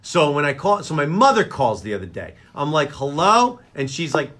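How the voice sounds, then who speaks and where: A middle-aged man hosting a talk radio show, ranting through comic stories about his family in an excitable, exaggerated way. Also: a little high, fairly quick. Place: radio studio.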